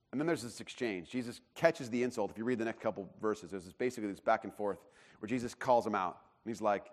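A man preaching a sermon in a conversational, animated way, acting out the voices of the people in the story. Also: a little high. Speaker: pastor.

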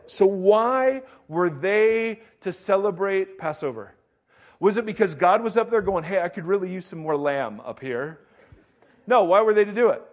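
A man preaching a sermon with a high voice. He is animated and quick to joke with his congregation. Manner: animated, joking, reads scripture aloud. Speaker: pastor.

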